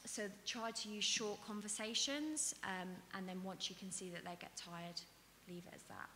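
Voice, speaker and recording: Speaking at medium pitch with fairly even intonation and a moderate pace, a trainer delivers a dementia awareness talk in a pushed, bright voice. She's patient and explanatory, using many ums and "so," and the recording carries the echo of an event hall plus faint hiss.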